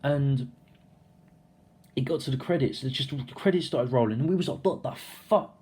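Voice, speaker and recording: A man's voice: mid-range voice, normal speed, warm tone. A young man casually recapping a film, rambling, swearing freely and acting out the scenes. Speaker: film reviewer.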